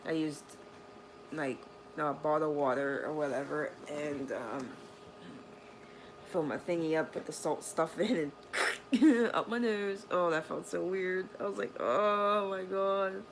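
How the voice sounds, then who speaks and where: A woman with a low-pitched voice tells a casual storytime vlog from her bedroom. She rambles with plenty of fillers and swears freely. A faint background noise sits under her voice. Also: measured pace, poor audio. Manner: rambling, profane, lots of fillers. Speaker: vlogger. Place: bedroom at home.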